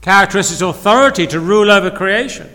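A man's voice: sits high, fast talker, bright, forceful tone. Man, preacher, sermon, rhetorical questions, echoing church hall. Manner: earnest, repeats phrases, asks rhetorical questions. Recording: long reverb of a hall.

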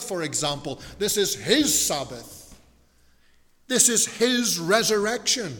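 Man, preacher, unhurried Bible teaching, slightly high voice, long hall reverb. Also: fairly bright tone. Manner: slow and deliberate, with restarts and rhetorical questions.

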